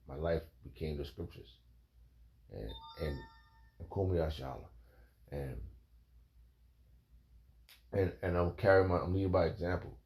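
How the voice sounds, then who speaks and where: A man's voice: a bass voice, vocal fry, darkish tone. A man preaching in a rambling, emphatic way, reading scripture and calling his listeners "man" and "bro". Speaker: informal preacher.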